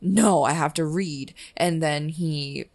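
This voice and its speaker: A woman's voice: low voice, slow pace, creaky, a little mellow. A woman in her twenties, a comedian co-hosting a podcast, chatting casually in a rambling, giggly way. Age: 20s. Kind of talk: casual chat.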